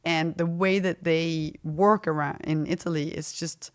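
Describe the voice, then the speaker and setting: A woman's voice: low-pitched, steady tone, a little slow. A middle-aged woman speaking frankly and casually as an interview guest, laughing often as she talks. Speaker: fashion brand founder, guest.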